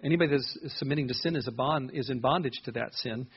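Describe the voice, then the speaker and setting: A man's voice: medium pitch, quick pace, slightly rough, dull audio. A man preaching an earnest sermon, reading scripture aloud and stressing words as he goes. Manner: earnest, reads scripture aloud with rising emphasis.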